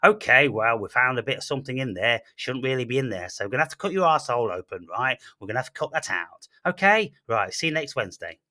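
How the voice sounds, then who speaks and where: A man's voice: mid-range voice, lively intonation, fast, hardly any pauses, sharp tone. A man voicing a brusque, matter-of-fact surgeon who gives patients curt, crude instructions.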